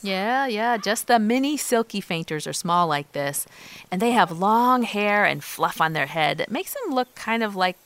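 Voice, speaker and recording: Middle-aged woman co-host, animated and bright, casual outdoor chat on a farm walk. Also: mid-range voice, moderate pace. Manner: lively, calls loudly to her goats. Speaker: podcast co-host.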